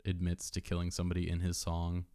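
A man's voice: sits low, completely flat delivery, fast, dark tone. A man co-hosting a podcast, chatting casually about a film and laughing often. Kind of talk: casual movie chat.

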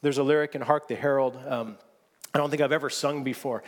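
A man's voice: mid-range voice, fairly even intonation, a little fast. A man preaching a sermon, earnest and often restarting his words, rising into emphatic stretches. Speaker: pastor.

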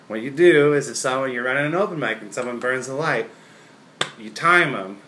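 A man's voice: mid-range voice, fairly quick, sharp tone, slight background noise. A young man in casual, joking chat with fellow comedians, rambling and self-deprecating.

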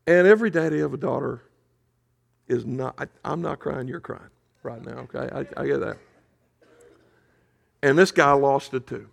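A male pastor preaching in a conversational storytelling way, often dropping to a hush for emphasis. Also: medium pitch, moderate pace, creaky, pauses often. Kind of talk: sermon storytelling.

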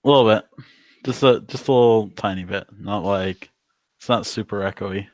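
A man's voice: on the low side, moderate pace, a little mellow, no room sound. A man co-hosting a casual podcast, teasing in a dry way. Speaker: podcast co-host.

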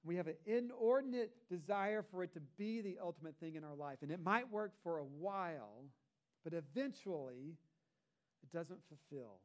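A man's voice: high-pitched, animated, normal speed. A man, a pastor, preaching a sermon in a conversational way, with rhetorical asides to the congregation.

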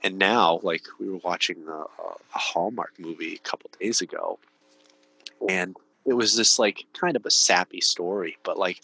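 A man in his thirties with a low but bright, forward voice tells stories earnestly. He rambles as he talks and leans on "like" over and over. He sounds like a guest in a casual podcast conversation. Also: normal speed, rough recording. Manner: earnest, rambling storyteller, heavy use of "like".

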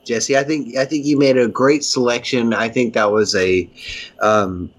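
A man's voice: mid-range voice, fairly even intonation, moderate pace, a little hiss or hum. A man co-hosting a podcast, chatting casually in a rambling, enthusiastic way with frequent restarts. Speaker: podcast co-host. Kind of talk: casual chat.

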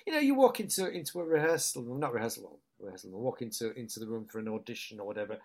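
Chatty northern English storyteller with a Hull accent. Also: male voice, mid-range voice, racing. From Hull, England. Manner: chatty storyteller who breaks into lively impressions, with many restarts. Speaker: actor, interview guest. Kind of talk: casual anecdotal chat.

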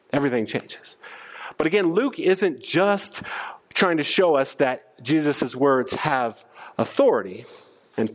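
A middle-aged man preaching a sermon as pastor, animated, often stammering on restarts. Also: fairly high pitch. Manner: animated, stammers on restarts, acts out quoted voices.

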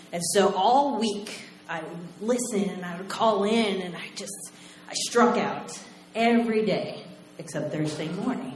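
Animated woman telling a story on stage. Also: medium pitch. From Oklahoma, US. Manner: animated, acts out voices and laughs. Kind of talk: live storytelling. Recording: roomy live venue, faint noise.

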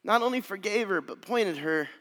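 A man preaching a sermon as pastor, earnest and swelling louder on key phrases. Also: high-pitched, animated, normal speed, in a large hall.

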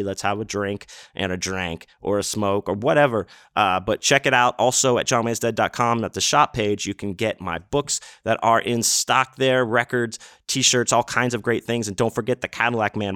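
A man's voice: lowish voice, a bit bright, smooth, no room sound, studio quality. A man hosting his podcast, telling a rambling story casually with lots of fillers and swearing. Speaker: podcast host. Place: home setup in a city apartment.

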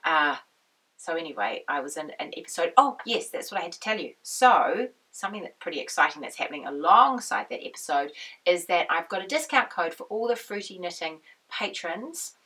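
Chatty, croaky New woman. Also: lowish voice, lively intonation, brisk, sharp tone, far from the mic, poor audio. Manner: chatty, rambling, goes off on tangents. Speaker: knitting podcast host. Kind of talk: casual chat to camera.

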